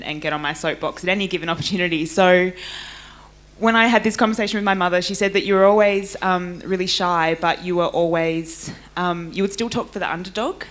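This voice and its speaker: A woman's voice: fairly low pitch, steady tone, fairly quick, fairly bright tone. A woman speaking on a discussion panel about gaining confidence, thoughtful and a little hesitant. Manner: thoughtful, hesitant, many fillers. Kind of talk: personal reflection on a discussion panel.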